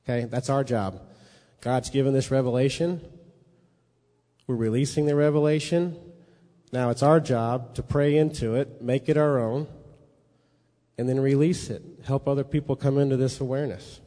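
A man's voice: medium pitch, steady tone, moderate pace, dark tone. A man teaching a sermon in a conversational way, often checking in with his listeners. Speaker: preacher. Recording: long reverb of a hall.

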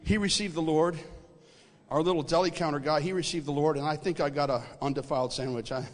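High-pitched preacher guy, folksy and animated, big echoey hall. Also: fast. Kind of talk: storytelling sermon.

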